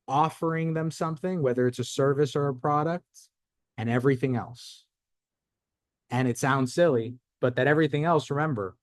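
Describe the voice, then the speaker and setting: A man at the front of a small business workshop, talking straight to the room. His voice is mid-pitched and dry. He slips into little acted-out quotes as he tells a story. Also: no room sound. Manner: energetic storyteller, acts out quotes. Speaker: host. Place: event space.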